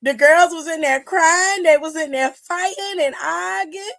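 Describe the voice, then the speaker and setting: A woman host giving a sassy, gossipy recap of a wrestling show in casual chat, retelling it with lively energy. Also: very high voice, measured pace, gravelly. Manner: sassy, gossipy, exclaims "child" often; animated retelling with lively quoted voices. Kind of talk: casual chatty commentary.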